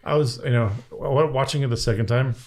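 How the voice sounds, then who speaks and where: A man's voice: mid-range voice, fast. A man co-hosting a movie podcast, griping about a film casually with a wry tone and some swearing. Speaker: podcast co-host. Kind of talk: casual chat.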